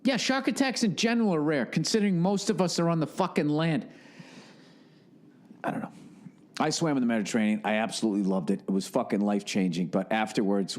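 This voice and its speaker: Alone on his podcast, a man with a fairly low, slightly mellow voice delivers a rambling comic monologue packed with sarcasm, swearing and tangents.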